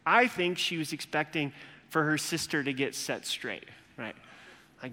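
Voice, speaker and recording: A man preaching a sermon as a pastor, animated and humorous, acting out the voices of the people in his story. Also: fairly high pitch, normal speed. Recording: long hall reverb.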